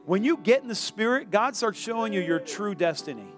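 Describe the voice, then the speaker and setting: A man with a high, light voice preaches to his church, animated and lively. He acts out the voices of the people in his story. Faint instrumental music plays softly behind him. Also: fairly quick. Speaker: pastor. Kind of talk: sermon. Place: church sanctuary.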